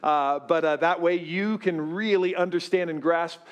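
A man's voice: fairly high pitch, fairly even intonation, normal speed, lo-fi sound. A man of fifty preaching a sermon as pastor to his church, talking in a loose, self-deprecating way with many fillers. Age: 50s. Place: church sanctuary with live congregation.

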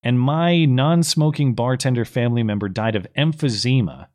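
A man co-hosts a talk show with a sarcastic, argumentative edge. His voice sits at a middle pitch, and he speaks in a relaxed commentary style. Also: moderate pace. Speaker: podcast co-host. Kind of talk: political commentary chat.

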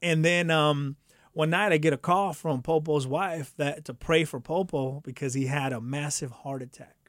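Man, storyteller, animated, slightly high voice, dry close sound. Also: moderate pace, no echo. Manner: animated, acts out voices in quotes, laughs often. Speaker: guest telling his testimony. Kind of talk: casual storytelling.

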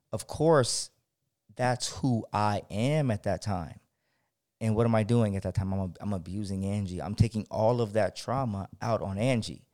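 A man co-hosting a podcast, telling a personal story in a lively, animated way with emphatic asides. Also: on the low side. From San Diego. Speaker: podcast co-host.

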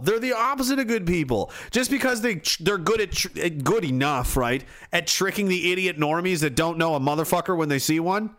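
A livestream host from Atlantic Canada reads chat and rants angrily with frequent swearing. He veers between near shouting and low muttering.

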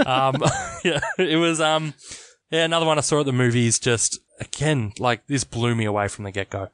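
A man's voice: mid-range voice, fairly even intonation, moderate pace, fairly bright tone, clean tone, no room sound. A man co-hosting a podcast, chatting casually and enthusiastically. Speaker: podcast co-host. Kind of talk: casual chat.

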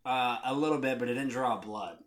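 A man's voice: medium pitch, a little fast. A young man co-hosting a podcast, rambling through a story in casual chat and acting out the voices of the people in it. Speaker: podcast co-host.

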